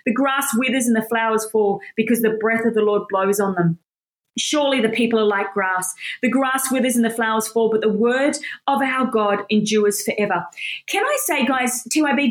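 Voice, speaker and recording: A woman's voice: fairly high pitch, moderate pace, reverberant. A woman teaching a Bible lesson in a casual, enthusiastic, conversational way, with fillers and restarts.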